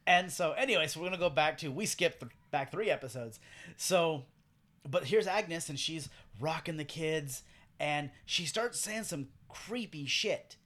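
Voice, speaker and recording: A man's voice: a little high, unhurried. A man co-hosting a casual podcast chat, talking animatedly, swearing freely and acting out quotes. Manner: animated, profane, acts out quotes. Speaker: podcast co-host. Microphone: headphones and studio mic.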